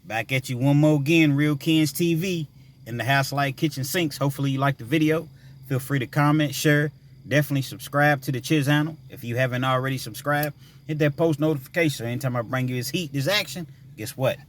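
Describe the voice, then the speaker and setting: A man vlogging, telling a story in a casual, rambling way with many fillers, sometimes mimicking frantic girls in a high voice. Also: fairly quick, slight background noise.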